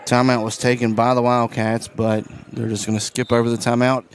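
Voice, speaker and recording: A man with a hoarse, raspy voice calls a high school basketball game live, moving briskly through the play-by-play with casual asides to his listeners. His voice sits at an ordinary pitch for a man. Faint gym ambience and a bouncing ball can be heard behind him. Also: level tone, a little hiss or hum. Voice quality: raspy, strained voice. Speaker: play-by-play announcer.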